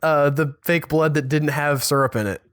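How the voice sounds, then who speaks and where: A man's voice: a little high, moderate pace, smooth, no room sound, studio quality. A man co-hosting a podcast, chatting casually about a film in a rambling way that keeps correcting itself. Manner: rambling, self-correcting, animated asides. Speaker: podcast co-host. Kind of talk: casual film review chat.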